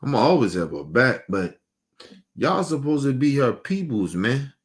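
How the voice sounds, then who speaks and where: Man on an aggrieved, animated rant. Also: mid-range voice, moderate pace. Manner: aggrieved, profane, repeats himself, asks heated questions. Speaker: streamer. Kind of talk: emotional livestream rant.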